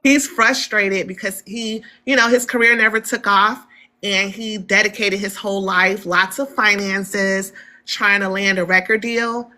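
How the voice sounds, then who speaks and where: A woman in a casual spiritual discussion, speaking in a candid, animated way and often laughing. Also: medium pitch, unhurried.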